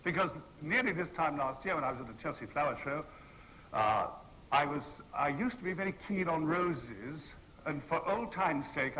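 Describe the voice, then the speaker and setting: A man's voice: mid-range voice, pushed and bright, slight background noise, rough recording. A man telling wry, self-mocking stories to an audience as a convention panel guest, in a theatrical way. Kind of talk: anecdotal storytelling to an audience.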